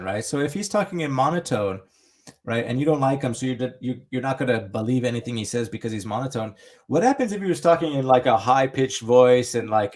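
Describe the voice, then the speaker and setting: A man co-hosting a podcast in casual chat, reasoning aloud and asking "right?" and "you know what I mean?". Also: medium pitch. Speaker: podcast co-host.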